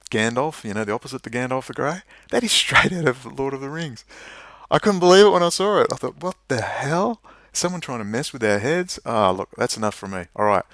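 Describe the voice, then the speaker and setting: A man's voice: fairly low pitch, a bit bright, dry recording, clean studio sound. A man delivering a rambling, emphatic and indignant political monologue to camera. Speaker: political commentator.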